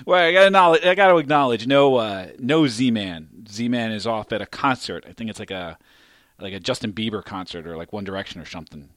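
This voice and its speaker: A man's voice: on the low side, brisk, fairly bright tone, dry recording. A man hosting a casual podcast, joking loosely and laughing easily. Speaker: podcast host. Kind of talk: casual chat.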